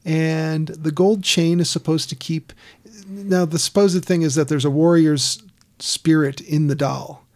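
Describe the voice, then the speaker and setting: A man in casual podcast chat, retelling a film scene by scene in a rambling, animated way with lots of fillers. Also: fairly high pitch, unhurried.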